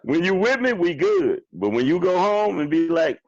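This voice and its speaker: A man's voice: sits high, big pitch swings, moderate pace. A man guesting on a podcast as a DJ, joking in laid-back casual banter. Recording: dull dry lo-fi mic.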